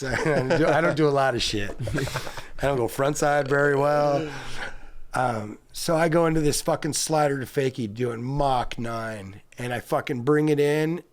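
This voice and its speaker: A middle-aged man from California, a guest skateboarder, telling rambling, profane stories in a casual interview. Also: mid-range voice. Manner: profane, rambling, animated storyteller.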